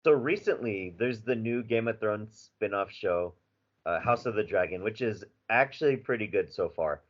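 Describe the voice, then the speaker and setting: Low-voiced man in casual podcast chat. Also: normal speed. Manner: animated, swearing, rambling with fillers. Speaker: podcast co-host. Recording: slightly dull audio with faint background noise.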